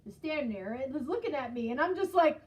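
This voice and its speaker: A woman's voice: high-pitched, quick pace. A woman hosting a casual live stream chat, telling a story with frequent laughter and greeting viewers by name. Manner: animated, laughs often, greets chatters by name.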